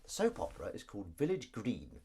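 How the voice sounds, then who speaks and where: Washing up indoors in his home kitchen, a young northern English man chats on a live stream and jokes through the viewer comments he reads out. He speaks quickly in a lowish, warm voice with huge swings in pitch, and there's a slight hiss or hum.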